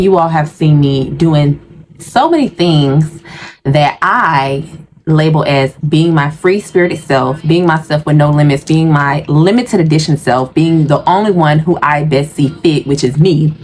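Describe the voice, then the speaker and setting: A woman's voice: deep voice, animated, measured pace, a little hiss or hum. A woman hosting her own video channel in a casual, dramatic monologue, outspoken and full of profanity. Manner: self-affirming, outspoken. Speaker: YouTube host.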